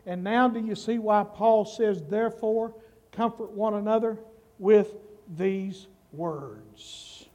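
High-voiced preacher, slow and emphatic. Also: male voice, a little mellow. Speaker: pastor. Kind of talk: sermon.

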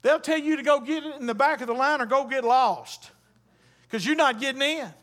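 A pastor delivers a sermon in a strikingly high voice. He drives each point with emphasis. He pulls the congregation into call-and-response. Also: a little fast, a bit bright. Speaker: Baptist pastor.

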